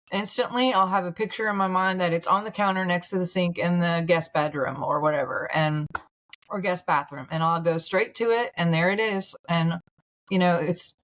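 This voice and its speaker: A woman's voice: fairly low pitch, fairly bright tone. A woman, a naturopathic doctor, speaking as a podcast guest in an earnest, effusive way. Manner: earnest, gushing, grows emotional. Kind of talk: casual interview talk. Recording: dull lo-fi sound.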